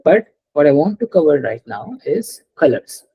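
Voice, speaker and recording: With a sing-song, medium-pitched voice at a moderate pace, this French teacher runs a live online language lesson. Explanations come step by step, examples are repeated, and the student's understanding is checked frequently. The highs are cut off in the recording.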